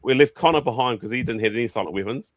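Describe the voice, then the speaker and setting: A man's voice: mid-range voice, rapid-fire, no echo. A man with a New Zealand accent hosting a casual livestream chat, rambling and swearing freely. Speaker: host.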